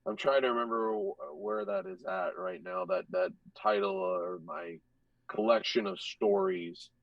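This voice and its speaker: A young man, a hockey goaltender guest, telling stories in a casual, animated and profane way, acting out what others said. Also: fairly low pitch, unhurried, creaky, dry recording, far from the mic, highs cut off. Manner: animated, profane, acts out other people's lines. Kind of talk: casual storytelling.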